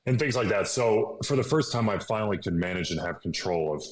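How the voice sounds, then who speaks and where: A man's voice: lowish voice, expressive, brisk. A man in his thirties, a podcast guest, earnestly retelling a personal story and dropping into whispers for remembered thoughts. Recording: echoey room with faint noise.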